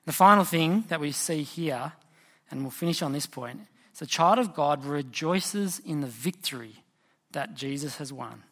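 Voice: medium pitch, normal speed, a bit bright. A preacher delivers a sermon in a conversational, storytelling way. The voice keeps turning to the listeners with direct questions. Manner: storytelling, asks the congregation questions.

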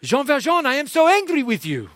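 A man's voice: very high-pitched, huge pitch swings, fairly quick, a bit bright, no room sound, voice pushed up, full character voice. A man voicing a kindly old male French minister in a playful mock French accent. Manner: playful, hammy, laughing through it.

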